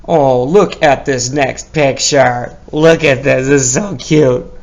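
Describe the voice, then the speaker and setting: A man's voice: mid-range voice, steady tone, slow. A male teacher giving a recorded spelling lesson for young children, patient and encouraging as he sounds out each letter and praises often.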